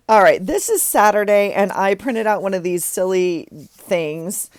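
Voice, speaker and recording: Working in her journal, a middle-aged vlogger chats in a rambling, self-deprecating way, unhurried and easygoing. Her mid-range voice is clear and resonant, captured as a dry, clean studio recording.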